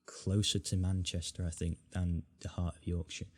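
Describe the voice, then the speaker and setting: A man's voice: low-pitched, flat delivery, normal speed, husky, dry recording, studio quality. A young man with a neutral northern English accent hosting a casual podcast chat, rambling a little and restarting his sentences. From England. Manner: rambling, many restarts, puts on accents for fun. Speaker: podcast host.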